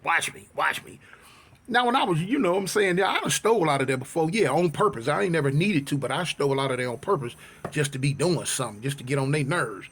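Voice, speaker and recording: A man's voice: on the high side, quick pace, slightly rough. A man telling a wild street story casually, full of slang, dramatic asides and acted-out dialogue. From United States. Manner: animated, slangy, dramatic retelling.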